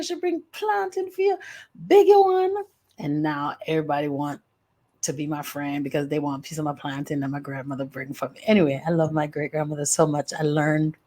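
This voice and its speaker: Older woman, podcast host, personal storytelling, emphatic drawn-out phrases, lowish voice.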